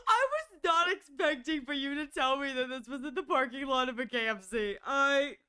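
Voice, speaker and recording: A woman's voice: sits high, moderate pace. A woman streamer chatting casually and gossiping with her viewers during an art stream, laughing often. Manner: giggly, gossipy, animated.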